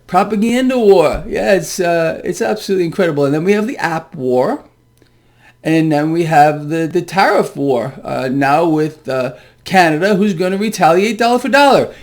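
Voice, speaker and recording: A middle-aged man giving a solo financial commentary, sarcastic and animated, with scoffing laughs. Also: fairly high pitch, moderate pace. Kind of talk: solo market commentary video.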